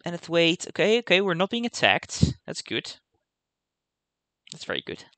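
A man's voice: a little high, huge pitch swings, moderate pace, bright, forceful tone, no echo. A young man hosting a let's-play, thinking aloud as he plays and saying "okay" over and over. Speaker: gaming channel host. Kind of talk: casual let's-play commentary.

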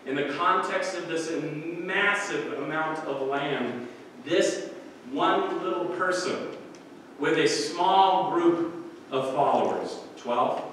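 A man's voice: fairly high pitch, a bit bright, slight background noise. A man preaching a sermon as pastor, earnest, lifting his voice on the quoted lines. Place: church sanctuary. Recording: echoey church hall, mic at a distance.

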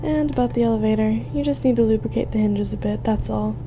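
A woman's voice: a little high, quick pace, background noise, natural voice. Eddie Jones, a polite old tenant, read by a woman. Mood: welcoming. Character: friendly old man, resident senior tenant. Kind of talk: reading game dialogue aloud. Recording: game music playing behind.

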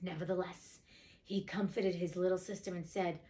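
Lady reading a fairy tale aloud, cuts in with sassy cussing asides, middle pitch that jumps way up when she gets worked up. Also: steady tone, brisk. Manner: blunt, profane, indignant asides. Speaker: audiobook reader and host.

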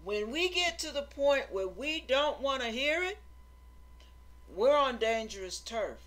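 A woman's voice: high-pitched, expressive, measured pace, fairly bright tone. A middle-aged woman giving an informal Christian sermon in an earnest, exhorting way, repeating phrases for emphasis. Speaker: Christian teacher.

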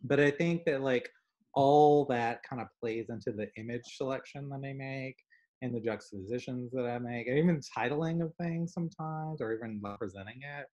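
A man's voice: mid-range voice, normal speed. A young man from the American South with a Southern accent, an artist talking casually on a video call, telling stories animatedly with lots of fillers. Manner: animated storyteller, many fillers. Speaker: artist guest. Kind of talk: casual conversation.

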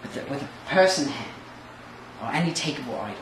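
Man acting out a scheming hustler, halting, repetitive, quietly sinister, very echoey room, heard from far, noisy background. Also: mid-range voice, lively intonation, natural voice. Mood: mocking. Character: scheming immigrant hustler man, smugly menacing. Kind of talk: acting-class film monologue. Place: large echoey studio kitchen.

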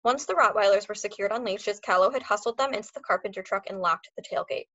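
A woman reads a novel aloud for a class, lively in delivery and quick to slip into the characters. Her voice sits in a middle range, close and dry, with a slightly muffled, dull quality to the recording. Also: medium pitch, dry recording. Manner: expressive, acts out characters. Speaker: teacher reading aloud.

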